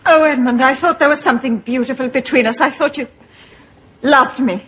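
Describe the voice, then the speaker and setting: Brief: a young wartime nurse, highish voice, breathless and theatrical, sitcom period piece. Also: female voice, brisk, fairly bright tone. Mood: wounded.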